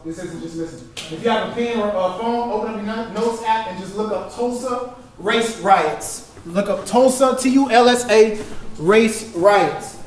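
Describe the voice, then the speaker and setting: A man's voice: high-pitched, a little hiss or hum. A man giving an artist talk as a performance poet, teaching in an interactive call-and-response style and prompting his audience to finish his phrases. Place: lecture hall with a live audience. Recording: echoey hall recording from far off.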